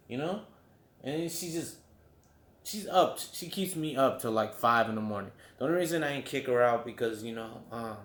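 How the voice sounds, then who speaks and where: A man's voice: mid-range voice, echoey room. A man telling a story casually at home, swearing freely and padding his talk with likes and you knows. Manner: loose, profane, filler-heavy. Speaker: vlogger. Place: room at home.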